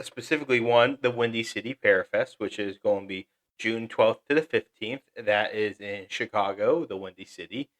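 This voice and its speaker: A young man with a fairly low voice co-hosts a podcast. He talks in a relaxed, upbeat way and fills his announcements with ums and uhs. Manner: upbeat, chatty, with fillers. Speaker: podcast co-host. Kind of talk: casual podcast chat with announcements.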